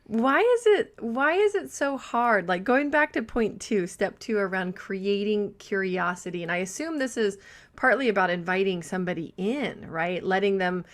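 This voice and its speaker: A woman's voice: medium pitch, expressive, normal speed. A woman hosting a podcast interview who sums up her guest's points and asks reflective follow-up questions. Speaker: podcast host.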